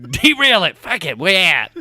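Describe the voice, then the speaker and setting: A man co-hosting a casual comedy podcast, with a high, lively voice that swings all over the place. He laughs constantly and swears freely, and his tone comes across bright and sharp. Faint music plays underneath. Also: moderate pace, no room sound. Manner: laughs often, swears, jokey bits. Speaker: podcast co-host.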